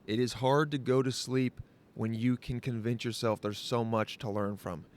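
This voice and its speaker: A man's voice: mid-range voice, fairly even intonation, moderate pace. Rambling, jokey man talking outdoors. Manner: rambling, jokey, self-interrupting. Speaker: podcast host. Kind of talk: casual vlog monologue.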